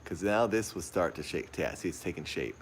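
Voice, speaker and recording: Very deep, gravelly man streaming a horror game. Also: brisk, slight background noise. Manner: jumpy, easily frightened, repeats exclamations. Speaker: livestreamer playing a horror game. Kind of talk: live gameplay commentary. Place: dark room at home. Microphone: phone pointed at the TV.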